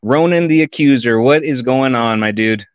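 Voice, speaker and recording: Casting note: upbeat male host, smooth clean tone, dry close mic. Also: medium pitch, normal speed, no room sound, muffled recording. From Texas. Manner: enthusiastic and chatty, says dude and y'all. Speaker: podcast host. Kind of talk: live-stream interview.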